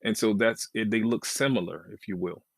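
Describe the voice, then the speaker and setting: A man with a fairly low voice talks through trading questions in a loose, conversational way. He doubles back on his words and punches certain phrases louder. The sound is close and dry, with no room around it. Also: moderate pace, no echo. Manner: casual, repeats and restarts phrases, emphatic swings in loudness. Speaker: trading educator. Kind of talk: live Q&A stream on trading.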